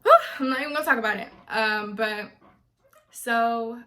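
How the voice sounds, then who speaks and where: A young adult woman vlogger telling a story in a casual, animated way and acting out what others said. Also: on the high side, normal speed. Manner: animated, quotes others in voices.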